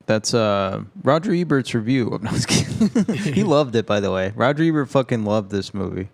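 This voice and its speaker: Gravelly-voiced joking podcast co-host man. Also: medium pitch, animated, normal speed. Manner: loose, joking, swears freely. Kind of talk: casual film podcast chat.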